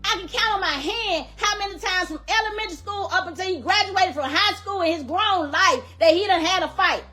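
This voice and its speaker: A woman's voice: very high voice, fairly quick, pushed and bright. A middle-aged woman makes an angry, emphatic public plea as a grieving grandmother, repeating herself for force. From Louisiana, USA.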